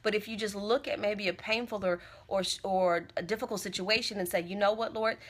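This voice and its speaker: On a phone livestream from Tampa, a motivational speaker talks casually and earnestly to her viewers, encouraging them and repeating phrases for emphasis. Her voice is medium in pitch, a bit bright, fairly even in intonation, and fairly quick.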